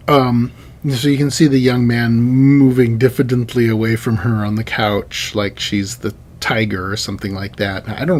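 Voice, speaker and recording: A man giving a recorded university lecture, animated and digressive, with joking asides. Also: medium pitch. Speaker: university instructor.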